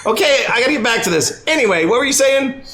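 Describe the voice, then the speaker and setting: A man's voice: very high voice, quick pace, over music, pitched above the performer's own voice. A man voicing Goku, a cheerful, naive young male martial artist hero. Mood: upbeat. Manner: bright, upbeat, excitable. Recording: echoey room with crowd noise.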